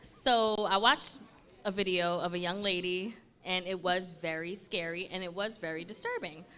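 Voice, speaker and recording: A woman's voice: fairly low pitch, fairly even intonation, moderate pace, pushed and bright. A woman guest on a casual podcast, giving upbeat, encouraging advice.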